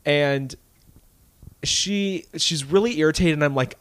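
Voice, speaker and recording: A man's voice: on the high side, unhurried, clean tone, no room sound. A man co-hosting a podcast, telling stories in casual chat and acting out the people in them. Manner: animated storytelling with quoted voices. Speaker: podcast co-host.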